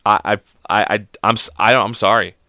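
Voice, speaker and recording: A man's voice: on the low side, fairly even intonation, normal speed, bright, forceful tone, no room sound, studio quality. A man reading bad jokes aloud to his viewers, swearing a lot, laughing at the jokes and mocking himself. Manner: self-deprecating, exasperated. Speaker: video host.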